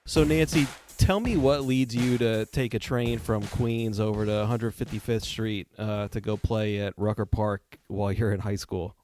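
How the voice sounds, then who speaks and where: A man's voice: on the low side, steady tone, moderate pace, hardly any pauses. A man hosting a podcast, reading a scripted introduction and then asking questions. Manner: read-aloud promotional intro. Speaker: podcast host. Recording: dry studio sound with soft music.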